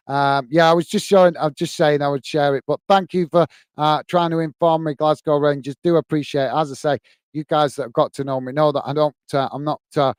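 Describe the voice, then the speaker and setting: A British man hosts a live football fan stream, chatting casually while reading the chat and thanking viewers for their comments. His voice is medium-pitched with a clean tone, and the recording is dry.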